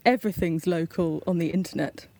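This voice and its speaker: A woman from East Kent calling in as a quiz contestant, playful and teasing, quick to laugh. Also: on the low side, gravelly, a little mellow, dry recording. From East Kent, England. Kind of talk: casual phone banter.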